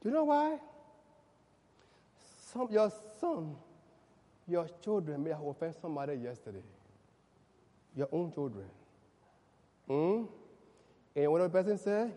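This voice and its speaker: A man preaching a sermon to his church, emphatic and swinging from loud shouts to quiet asides as he calls out to the congregation. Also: a little high, very animated, a little slow, long pauses. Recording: long reverb of a large hall.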